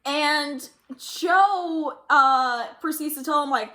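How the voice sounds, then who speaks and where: A woman's voice: high-pitched, slow pace, bright, forceful tone. A woman hosting a casual movie review chat, giggling often as she recounts the plot with lots of fillers. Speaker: host.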